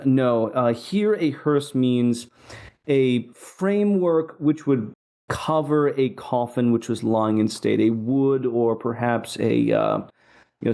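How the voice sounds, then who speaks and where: Male poetry host, mellow voice, measured and hesitant lecturing tone. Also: medium pitch. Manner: measured, thoughtful, with frequent ums and uhs. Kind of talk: unscripted spoken lecture on a poem.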